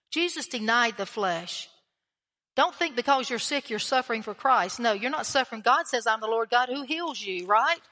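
A woman delivers a sermon in a high, bright voice, emphatic and conversational, throwing questions out to her listeners. Her words ring out with a long reverb, as if she is speaking in a large church sanctuary. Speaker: preacher.

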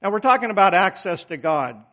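Man, middle-aged, preacher, high voice, folksy sermon, emphatic. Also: very animated, a little fast, sharp tone. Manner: folksy storytelling, emphatic rises.

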